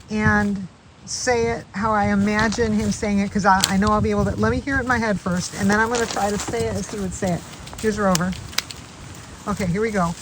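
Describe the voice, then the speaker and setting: A woman chatting casually in a backyard vlog, rambling as she calls out to the chipmunks and squirrels by name. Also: mid-range voice. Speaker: wildlife vlogger. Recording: outdoor recording with clear background noise.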